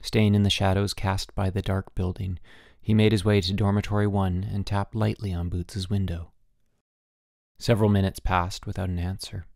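A man reads an audiobook in a measured, storytelling way. His voice is low with a gravelly texture, recorded close and dry. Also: level tone, a little mellow, no echo. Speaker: audiobook narrator. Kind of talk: scripted narration.

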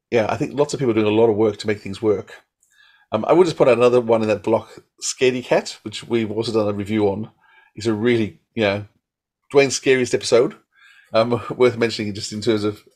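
A man co-hosting a podcast who shares considered opinions in a relaxed way. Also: lowish voice, fairly quick. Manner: reflective, opinionated. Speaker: podcast co-host. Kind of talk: casual chat.

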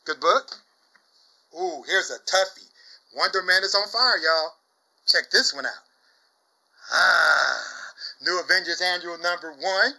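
A young man chatting casually about his comic book finds, exuberant, saying "y'all" often and bursting into loud shouts and laughs. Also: sits high, a little slow, vocal fry, long pauses, low-quality recording. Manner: exuberant, says "y'all" a lot. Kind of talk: casual chat.

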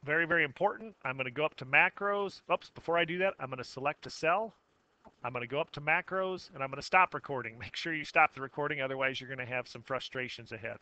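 A man teaching a math software tutorial, narrating each click step by step with casual self-corrections. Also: on the high side, fast, dry recording. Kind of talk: screen-recorded software tutorial.

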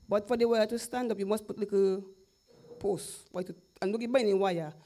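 Lively middle-aged Dominican woman testifying. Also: mid-range voice, a little fast. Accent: Dominican Creole English. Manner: lively storytelling, acting out quoted voices, laughing often. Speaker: testifying guest. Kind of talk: animated personal testimony.

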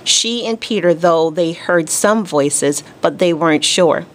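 A woman teacher reading a children's storybook aloud to her class, expressive and deliberate. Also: fairly low pitch.

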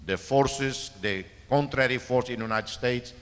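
A man from East Timor giving a keynote speech, measured and emphatic, repeating words for stress. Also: medium pitch, fairly bright tone. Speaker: keynote speaker. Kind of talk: formal speech with audience Q&A. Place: large university auditorium. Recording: reverberant lecture hall.

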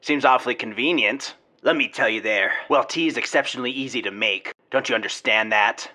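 A man's voice: medium pitch, fairly quick, bright, forceful tone. A young man improvising a wisecracking comedy dub over an old film. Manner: wisecracking, sarcastic. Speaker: comedy dubber.

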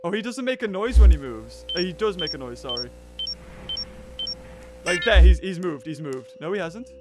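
Jumpy man yelling through a horror game. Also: high voice, lively intonation, normal speed, loud music behind the voice. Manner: jumpy, yelps and laughs, talks to the game characters. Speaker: gaming video host.

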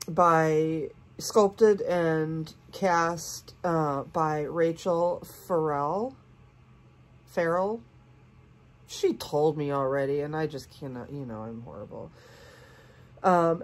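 Unboxing host, woman in her forties: husky, low-pitched, gushing with soft hushed asides, sick. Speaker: doll collector and channel host. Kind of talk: casual unboxing vlog.

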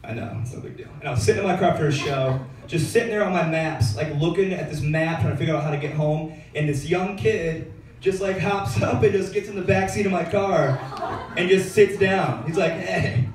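A man's voice: fairly high pitch, brisk, slight background noise. A young man performing a stand-up comedy set in a club, telling stories in a laid-back, slangy way full of fillers. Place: comedy club stage, live audience. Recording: echoey club room, heard from far off.

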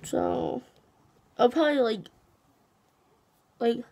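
A woman's voice: on the high side, slow, a little mellow. A teenage girl vlogging casually after the dentist, her mouth still numb, rambling with lots of fillers and counting aloud. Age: teens. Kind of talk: casual vlog to camera.

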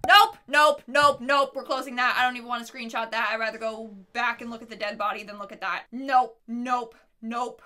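A woman reacting in a casual vlog, expressive and giggly, squealing at what she sees, talking in her studio. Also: a little high. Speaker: YouTuber.

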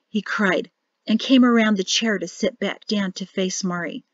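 A woman's voice: medium pitch, fairly even intonation, moderate pace, no room sound, highs cut off. A woman narrating a novel as an audiobook reader, reading expressively. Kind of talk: scripted narration.

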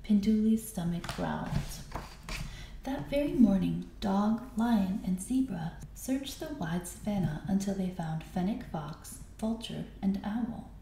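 A woman teacher reading a picture book aloud with expressive storytelling. Her voice is very dark and mellow, with a gravelly grain. It rings in an echoey room. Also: mid-range voice, measured pace, a little hiss or hum.

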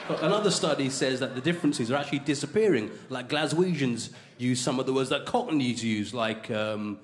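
A man doing a stand-up comedy set as host, delivering deadpan punchlines in front of a live studio audience. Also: medium pitch, normal speed, very noisy. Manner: deadpan punchlines, slips into silly put-on voices. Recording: live studio show, loud laughing audience. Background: crowd laughter.

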